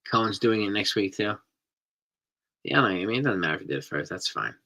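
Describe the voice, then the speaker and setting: A man's voice: on the low side, lively intonation, fairly quick, vocal fry, bright, forceful tone. A middle-aged man, hosting a live stream and chatting casually with viewers, rambling and enthusiastic. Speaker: host reading live chat.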